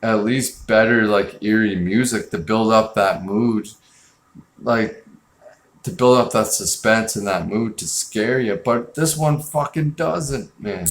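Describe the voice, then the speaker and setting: A man hosts a laid-back film review, rambling bluntly and swearing freely between fillers. His voice sits on the low side. The room around him is roomy and echoey. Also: slow pace. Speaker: film review podcast host. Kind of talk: casual film review chat.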